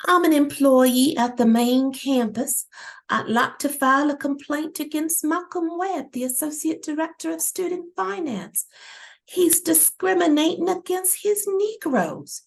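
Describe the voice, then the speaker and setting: A woman's voice: lively intonation, measured pace, vocal fry, exaggerated voice. A woman voicing a young woman who disguises her voice with a fake accent to file a complaint by phone. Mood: earnest. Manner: fake accent, formal and high.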